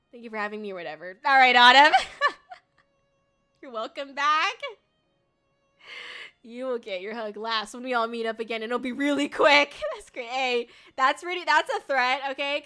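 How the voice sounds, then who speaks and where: A young woman VTuber streams casually, reading viewer comments in a chatty, bubbly way, laughing often and swearing lightly. Her voice is fairly high, bright and forceful. She gets emotional and tearful when thanked.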